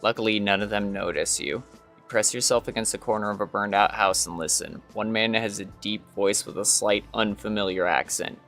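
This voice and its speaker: A man's voice: on the low side, steady tone, fairly quick, a bit bright, soft background music. A man streaming a game, reading its story text aloud with hesitant fillers.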